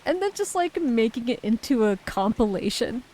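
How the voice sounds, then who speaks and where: A woman's voice: on the high side, big pitch swings, normal speed, dark tone, rough recording. A woman streamer in casual chat, reading viewer messages aloud and giggling often.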